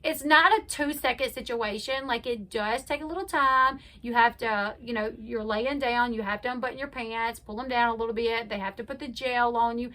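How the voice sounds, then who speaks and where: A woman's voice: fairly high pitch, normal speed, hardly any pauses, bright, forceful tone. A young adult woman hosting casual reality TV commentary, chatty and opinionated, retelling scenes and acting out the quotes.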